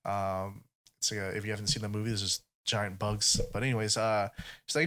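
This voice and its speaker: A man's voice: on the low side, level tone, brisk, bright, forceful tone. A man hosting a podcast, chatting casually and retelling stories with lots of swearing and quoted voices. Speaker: podcast host.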